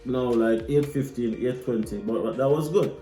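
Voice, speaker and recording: A young man with a Jamaican accent tells a story in a relaxed, animated way and drops into patois now and then. His voice is mellow and dark, with medium pitch. He sounds like he is in a roomy, echoey space, with faint music behind him. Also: moderate pace. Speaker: vlogger. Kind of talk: casual storytelling. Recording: echoey room with light music.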